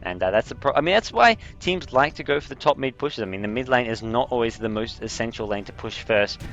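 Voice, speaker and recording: A young man casting a video game match on his own, with a slight French accent, explaining strategy calmly and getting excited on big plays. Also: medium pitch, fairly quick, dull audio, soft background music. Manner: analytical, rising to excited bursts on big plays. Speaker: esports caster. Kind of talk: solo game commentary.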